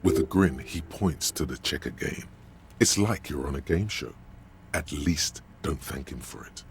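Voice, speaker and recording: An actor voicing a mocking inner-voice narrator in a video game, wry and theatrical. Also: male voice, extremely low pitch, a little slow, slight background noise. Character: mocking male inner-voice narrator, deep and dramatic.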